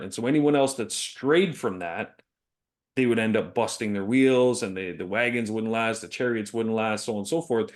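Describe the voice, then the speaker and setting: A man co-hosting a business podcast, talking casually, telling stories and laughing often. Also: fairly low pitch. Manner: chatty, laughs often, storytelling. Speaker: podcast co-host.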